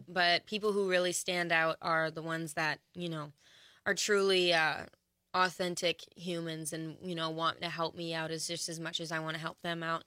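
A woman's voice: fairly low pitch, sharp tone, no echo, clean studio sound. A woman musician talking in an interview, thoughtful and hesitant, with many fillers. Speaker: musician guest. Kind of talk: casual interview chat.

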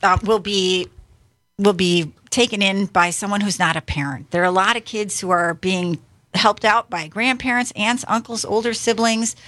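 A woman executive director explaining her organization's services as a radio guest, steady and informative. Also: mid-range voice, no room sound. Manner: steady, informative, a few restarts.

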